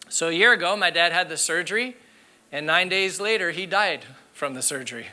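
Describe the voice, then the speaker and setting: Man, pastor, sermon, bright ringing voice, earnest storytelling, faint music behind. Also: on the high side, animated, a little fast. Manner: earnest, candid storytelling with emphatic repetition. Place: church sanctuary.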